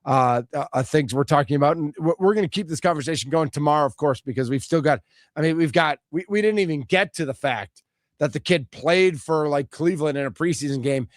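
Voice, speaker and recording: Sports radio host, man, slightly high voice, brisk banter, dry booth sound. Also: no echo. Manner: brisk, reads listener texts, banters. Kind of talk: casual sports radio chat.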